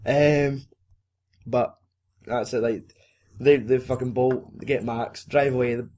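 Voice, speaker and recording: A young man with a Scottish accent talks through a film in relaxed, sweary chat. His voice sits at an ordinary middle pitch, and he keeps jumping into quick impressions of the characters. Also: slight background noise. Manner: sweary, animated, jumps into silly voices. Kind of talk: casual film recap chat.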